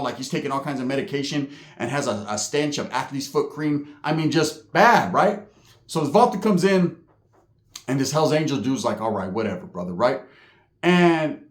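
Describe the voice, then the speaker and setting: A medium-pitched man from California tells a story about prison in an echoey room. His casual street slang is full of profanity, and he keeps tossing in "right?" asides.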